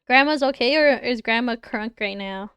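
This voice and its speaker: A woman's voice: fairly high pitch, normal speed, a bit bright, clean tone, no room sound. Giggly Canadian young woman streaming. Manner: chatty and giggly, reacting to chat. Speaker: livestreamer reviewing design work. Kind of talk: casual chat with viewers.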